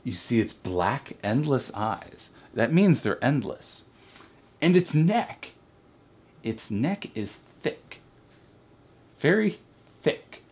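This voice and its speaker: Speaking slowly and pausing often, a young man with a medium-pitched, darkish, breathy voice and big pitch swings does a mock-serious comedy review. He's a vlogger at home by a Christmas tree, a friend holding the camera, and he wanders into asides before apologizing for them.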